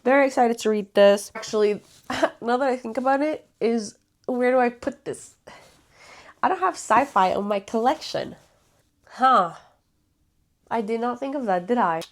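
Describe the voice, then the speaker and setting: A woman's voice: a little high, moderate pace, long pauses. Casual book vlogger: woman, playful, chatty, swears offhand, talks to camera.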